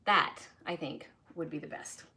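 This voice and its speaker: A woman's voice: low voice, a little slow, sharp tone, a little hiss or hum. A woman, chatting casually while she cooks and tastes food in her home kitchen during a live stream. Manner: chatty, folksy, talks while tasting food. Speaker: home cook hosting a live cooking stream.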